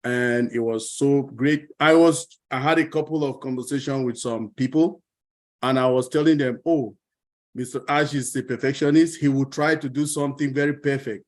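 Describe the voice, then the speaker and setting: A man's voice: mid-range voice, steady tone, moderate pace. A man giving an earnest, grateful speech as a participant on a video-call webinar. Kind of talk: thank-you speech.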